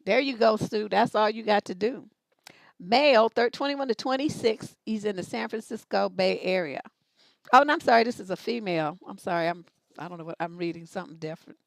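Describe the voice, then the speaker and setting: A woman's voice: medium pitch, fairly quick, creaky, no echo. Woman advice host, blunt and emphatic, casual, dry close sound. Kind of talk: live advice show, casual talk.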